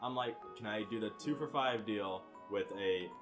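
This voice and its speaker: A man's voice: on the low side, normal speed, music in the background. A young man co-hosting a podcast, casually telling a story, swearing and acting out the people in it. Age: young adult. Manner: animated, swearing, acting out quotes. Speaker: podcast co-host.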